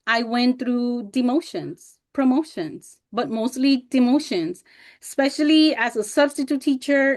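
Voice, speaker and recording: Candid higher-voiced woman leading a teacher workshop. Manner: candid and expressive, acts out past remarks in animated voices; emotional when recalling hard times. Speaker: workshop presenter and professor. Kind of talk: personal storytelling in a teacher workshop.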